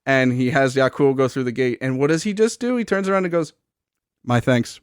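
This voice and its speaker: Male podcast co-host, mid-pitched, animated film recap, dry close mic. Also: fast talker, clean tone, dry recording. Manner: animated retelling, acting out quotes in a hushed voice. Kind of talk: casual chat.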